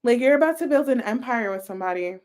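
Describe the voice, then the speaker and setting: A young woman with a high voice gives a casual tarot reading. She talks in a gushing, chatty way, speaking straight to her viewers. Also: lively intonation, quick pace, darkish tone. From United States. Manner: gushing, chatty, full of "like" and "you guys". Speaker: tarot reader.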